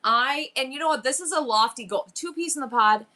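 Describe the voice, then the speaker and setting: Talking a little fast in a high-pitched voice, a woman live-streams to her viewers. She is casual and excited as she works out her numbers and goals aloud.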